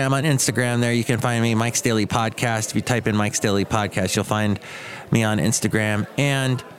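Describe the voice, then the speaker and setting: A middle-aged man who hosts a solo podcast and also works as a radio DJ. He chats casually and rambles, cutting himself off and starting over as he goes. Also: mid-range voice. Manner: rambling, self-interrupting storyteller.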